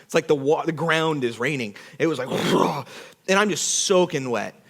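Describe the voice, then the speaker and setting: A man preaching a sermon as pastor, telling a personal story with lively acted-out quotes. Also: on the high side, moderate pace, vocal fry. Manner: animated storyteller, acts out quotes with shouts and whispers. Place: church.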